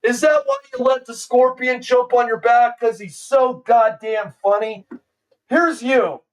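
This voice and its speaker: A man's voice: very high voice, expressive, unhurried, distant mic, low-quality recording. A male streamer ranting in a sarcastic, exasperated, mocking way. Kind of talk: ranting commentary.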